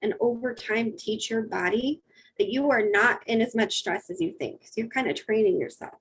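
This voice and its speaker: A woman's voice: a little high, normal speed, a little hiss or hum, rough recording. A middle-aged woman, a wellness coach, giving a friendly, conversational webinar presentation and listing practical tips.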